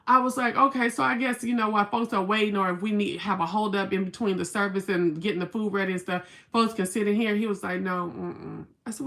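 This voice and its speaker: A woman's voice: fairly high pitch, brisk, gravelly, a bit bright. A Southern American woman hosting a casual livestream, chatting, reading viewer comments aloud and telling stories. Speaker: livestream host.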